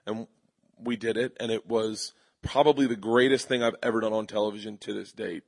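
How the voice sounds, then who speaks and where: A man, a comedian guest, telling animated stories in an interview before a live audience, slipping into quick voices of other people. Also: lowish voice. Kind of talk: storytelling interview.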